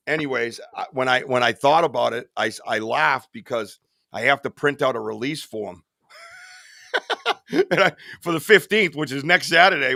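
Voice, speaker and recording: A man hosting a live podcast in casual, rambling chat. His voice is bright and forward, with loose swearing and laughter at his own stories. The mic is close and dry, with no room sound. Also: mid-range voice, creaky, no room sound. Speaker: podcast host.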